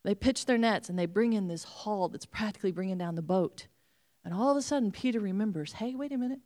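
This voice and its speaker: A woman preaching a sermon, retelling a story with animated storytelling and acted-out voices. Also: mid-range voice, fairly quick.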